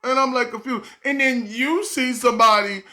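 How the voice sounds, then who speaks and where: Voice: mid-range voice, moderate pace, pushed and bright. An adult vlogger telling a stressed, rambling storytime, acting out what other people said and often sighing or laughing. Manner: sighs and laughs while talking. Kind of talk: storytime vlog.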